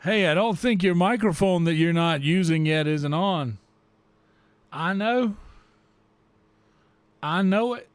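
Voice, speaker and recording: High-voiced man teasing his livestream chat. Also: no room sound. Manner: playful, teasing, repeats words in a drawn-out singsong. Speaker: livestream host. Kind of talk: casual gaming livestream chat. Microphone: desk microphone.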